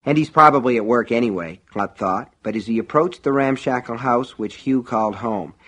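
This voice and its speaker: Male audiobook narrator, mid pitch, steady wry storytelling.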